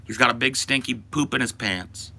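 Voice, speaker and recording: A man's voice: mid-range voice, normal speed, gravelly, bright, forceful tone, slightly rough. A man and podcast host in a profane, exaggerated comedic rant that swings into mock panic.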